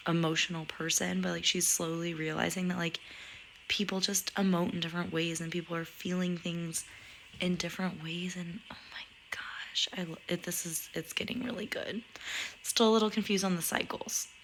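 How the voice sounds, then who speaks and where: Gravelly, hushed woman whispering in the dark. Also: fairly low pitch, slight background noise. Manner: hushed, often whispering, giddy. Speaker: book vlogger. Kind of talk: casual chat. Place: in a dark room at night.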